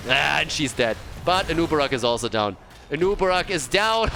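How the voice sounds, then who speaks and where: A man casting an esports match play-by-play, excitable and laughing often, with casual swearing. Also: a little high, normal speed, gravelly, slight background noise. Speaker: esports caster. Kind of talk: play-by-play commentary.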